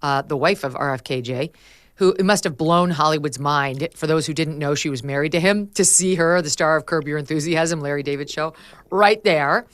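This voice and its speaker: A middle-aged woman hosting a talk show, brisk and emphatic, sometimes laughing as she talks. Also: low voice, no room sound, clean studio sound. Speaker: host. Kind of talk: talk show host chat and read ad.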